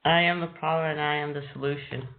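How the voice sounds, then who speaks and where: A woman's voice: low voice, fairly even intonation, fast talker. A woman calling in to a radio show, speaking hesitantly and repeating after the host. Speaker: caller. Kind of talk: call-in conversation. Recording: phone-like narrow band.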